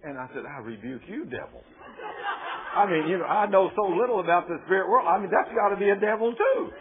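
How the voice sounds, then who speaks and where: A man preaching a sermon as a story, folksy and emphatic with sudden loud bursts. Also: high voice, big pitch swings, quick pace, a crowd in the background. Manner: folksy and emphatic, often rising to loud exclamations. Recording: tinny phone-like sound.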